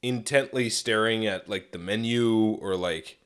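A man's voice: fairly low pitch, unhurried, clean tone. A young man co-hosting a podcast, chatting casually, swearing a lot and acting out what people said. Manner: animated, swears often, acts out quoted voices. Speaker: podcast co-host. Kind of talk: casual chat.

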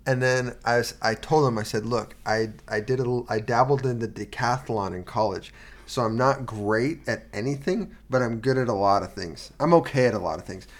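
A man in his late twenties, a podcast host rambling through a comedic story in casual, deadpan chat. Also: medium pitch, moderate pace. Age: 20s.

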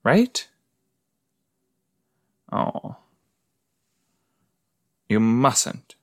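A man's voice: medium pitch, sing-song, very slow, no echo, clean studio sound. A man hosting a casual watch-along podcast, chatting in a rambling way and talking to his listeners. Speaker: podcast host.

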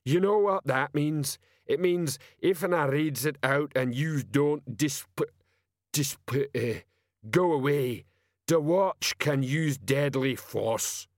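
A man voicing a huge, slow-witted male troll sergeant who speaks slowly and loudly in an audiobook reading. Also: a little high, dry recording, studio quality, pitched above the performer's own voice. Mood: bellowing. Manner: slow, loud, laborious.

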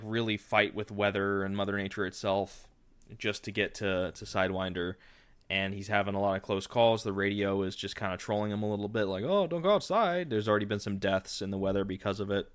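Low, smooth-voiced man recapping a story. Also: flat delivery, fairly quick. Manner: rambling, with frequent fillers and restarts. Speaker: podcast host.

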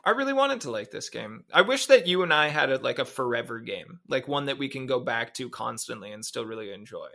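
A man co-hosting a video game podcast, chatting casually and excitably. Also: medium pitch, brisk, gravelly, few pauses. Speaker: podcast co-host. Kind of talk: casual chat.

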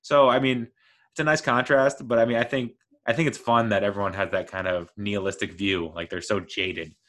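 Enthusiastic male reviewer, lower pitch, loose and rambling delivery. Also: fairly even intonation, fairly quick, fairly bright tone. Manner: rambling, many fillers and restarts, enthusiastic. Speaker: TV show reviewer. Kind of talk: casual review chat.

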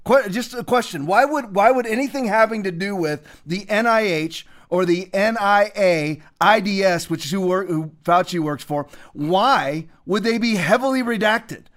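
A man talks through a clip in casual commentary, his voice pitched high. He keeps asking rhetorical questions and restarts his sentences as he goes. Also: animated, moderate pace, hardly any pauses, a bit bright.

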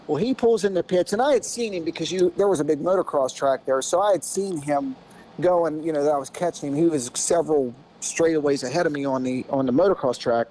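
An American man in his fifties, a podcast guest telling a racing story in a rambling, animated way with lots of "you know"s. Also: a little high, a little fast, a little hiss or hum, rough recording. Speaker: podcast guest, former off-road racer. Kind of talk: casual storytelling.

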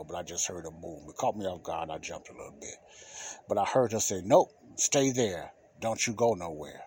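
A man hosting a podcast, telling a personal story in a casual, animated way, repeating himself and using colloquial speech. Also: sits low, slight background noise. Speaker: podcast host.

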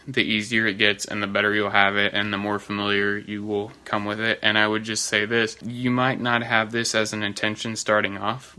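A man hosting a podcast, explaining his study method in a steady, instructive way. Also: on the low side, clean tone. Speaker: podcast host. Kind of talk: casual podcast talk.

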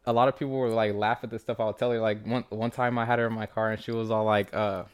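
A man's voice: lowish voice, little pitch movement, fast talker, clear, resonant tone. A young man guesting on a podcast, talking in a laid-back, rambling way with lots of fillers and restarts. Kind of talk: casual chat.

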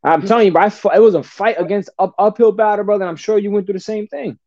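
A man's voice: high-pitched, steady tone, quick pace, a little mellow, no echo, highs cut off. A middle-aged man with a Bronx accent, a podcast guest talking bluntly and profanely in casual street slang. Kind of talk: casual interview talk.

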